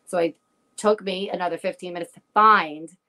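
Woman, casual chat, profane animated storytelling, noisy clicky recording. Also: fairly low pitch, moderate pace. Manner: profane, animated storytelling with quoted back-and-forth.

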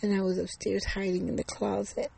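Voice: mid-range voice, level tone, a little fast, vocal fry, a little mellow, breathy edge, pitched above the performer's own voice, poor audio. A storyteller voicing a terrified mother. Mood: shaken. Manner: shaky then earnest and pleading. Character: frightened mother with grown daughters, dreaming of an intruder.

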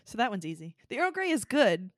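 A woman's voice: a little high, sing-song, brisk, no echo, studio quality. A woman co-hosting a casual podcast chat, easygoing and giggly. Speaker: podcast co-host.

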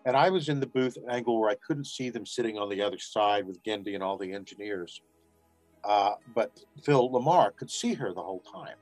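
A man's voice: lowish voice, a little fast, dry recording, faint music behind. A man, a voice actor guest on an interview, telling stories casually and acting out what people said. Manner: animated storyteller acting out quotes.

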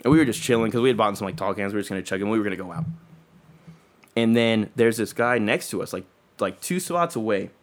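A young man with a somewhat low voice tells a rambling story in casual chat. His talk is slangy and heavy on swearing. He keeps slipping into the voices of the people he quotes. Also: lively intonation, fast. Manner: profane, slangy, acts out quoted dialogue.

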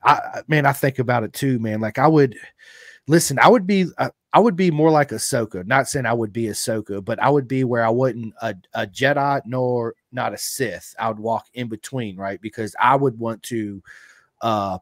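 Keen male host, slangy and excitable, middle pitch, dry close recording. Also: normal speed, no room sound. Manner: enthusiastic, says dude a lot. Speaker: podcast host. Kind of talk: casual interview chat.

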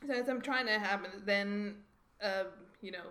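Woman, middle pitch, animated storyteller, roomy echoey room. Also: normal speed. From Mexico. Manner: animated, acts out quoted voices. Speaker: guest. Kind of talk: conversational storytelling.

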